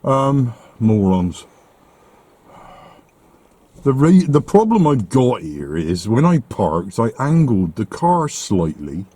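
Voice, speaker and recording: A man's voice: mid-range voice, mellow, breathy edge, dry recording. A man filming a casual vlog on a street and in his car, grumbling and exasperated, out of breath. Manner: grumbling, exasperated, swears mildly. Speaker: vlogger. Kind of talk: casual vlog commentary while walking and driving. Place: outdoors on a street in the rain, then inside a car.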